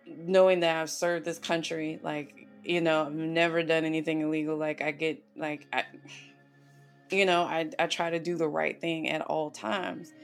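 A woman's voice: sits low, little pitch movement, normal speed, soft background music. A woman on a podcast telling a personal story in an earnest, emotional way, with lots of "you know" and "like". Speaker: podcast guest.

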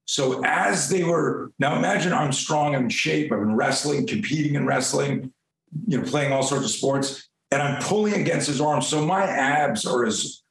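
A man guest on a podcast, telling a story in a lively, animated way, swearing casually and acting out the scenes. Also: on the high side, normal speed, vocal fry, roomy sound, slight background noise, poor audio.

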